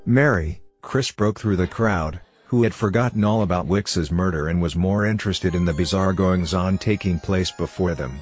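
A man narrating a story in a steady, measured scripted reading. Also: deep voice, soft background music. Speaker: audiobook narrator.

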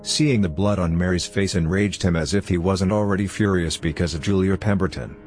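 A man narrating a story in a steady, measured scripted reading. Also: low-pitched, soft background music. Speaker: audiobook narrator.

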